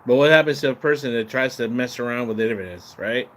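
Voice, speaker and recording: A man's voice: mid-range voice, quick pace, fairly bright tone. Exasperated man hosting a live reaction stream. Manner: exasperated, swears in disbelief. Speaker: livestream host.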